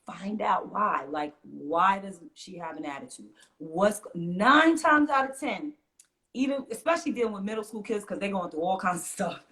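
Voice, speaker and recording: A woman's voice: medium pitch, moderate pace. A middle-aged woman, a mother and teacher, talking earnestly in an interview and acting out what she says to kids. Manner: earnest, animated storytelling, acts out quotes. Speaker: guest, fitness teacher and mother. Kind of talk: conversational interview.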